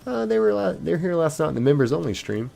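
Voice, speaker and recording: A man's voice: on the high side, sing-song, fast, creaky, mellow. A man streaming a game live, chatting casually and reading viewer comments aloud.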